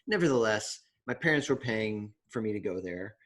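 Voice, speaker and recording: A young man with a lowish voice co-hosts a casual podcast. He tells long stories, full of "um" and restarts, and keeps a loose, chatty rhythm. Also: expressive, normal speed, a bit bright. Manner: chatty storyteller with many fillers and restarts. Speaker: podcast co-host. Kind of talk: casual chat.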